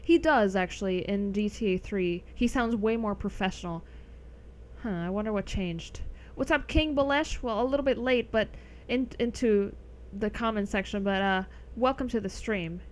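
Young woman, game streamer, casual rambling chat, laughs a lot, mid-pitched voice. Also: normal speed, a little hiss or hum. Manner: rambling, chatty, laughs often. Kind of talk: casual live-stream chat over gameplay.

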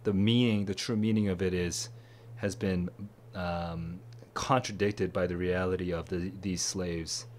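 A man's voice: fairly even intonation, measured pace, a little hiss or hum. Tired man thinking aloud. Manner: tired, musing, low-energy. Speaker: test prep tutor. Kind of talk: thinking aloud while reading.

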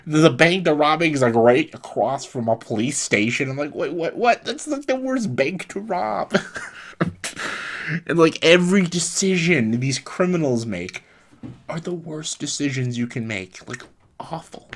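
A man's voice: fairly high pitch, lively intonation, a little slow. A young man giving a casual spoken film review, exasperated and laughing often, full of fillers and quoted disbelief. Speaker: movie reviewer.

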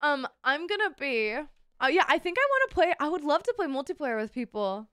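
A woman's voice: high voice, sing-song, brisk, a bit bright, dry recording, studio quality. A young woman streaming a game while sick, playful and swearing a lot, calling her viewers darlings. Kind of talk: casual gaming stream chat.

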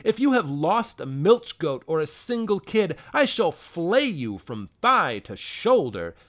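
A man voicing a half-senile old goatherd who scolds and wails in a loud, trembling voice for an audiobook. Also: a little high, big pitch swings, unhurried. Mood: furious scolding. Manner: wailing, cursing, loud and trembling. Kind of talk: audiobook character voice.

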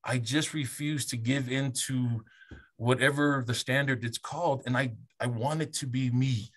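A man's voice: medium pitch, fairly even intonation, measured pace, a bit bright. A middle-aged man from Samoa, a guest speaker giving a candid personal testimony in a group session and often stumbling and repeating words.

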